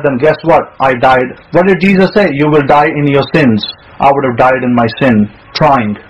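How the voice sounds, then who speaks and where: Preacher, male, husky and a little high-pitched, emphatic, repeats himself, muffled lo-fi audio. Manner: emphatic, repeats words, restarts. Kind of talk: sermon.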